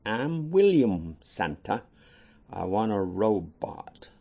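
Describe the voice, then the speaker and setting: A man's voice: fairly low pitch, sing-song, slow pace, dark tone, slightly rough, exaggerated voice. A man voicing an earnest little boy. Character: small polite boy asking Santa for a toy.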